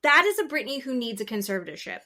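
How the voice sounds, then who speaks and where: A woman co-hosting a casual podcast recap, animated and swearing freely as she acts out quotes. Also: a little high, racing. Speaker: podcast co-host.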